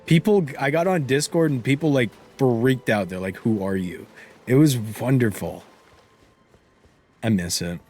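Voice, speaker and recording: A man's voice: mid-range voice, lively intonation, a little slow, darkish tone. A young man streaming a game live, chatting casually and rambling, breaking off mid-sentence and laughing often, with hiccups. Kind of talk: casual live-stream chat while gaming.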